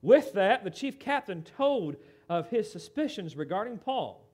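A middle-aged American man preaching a sermon in an animated, conversational way, with asides to the congregation. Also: high voice, unhurried. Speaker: pastor.

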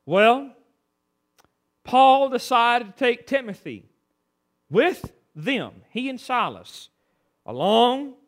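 A male preacher, delivering a sermon in a folksy storytelling way, moving between loud preaching and quiet asides. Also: sits high.

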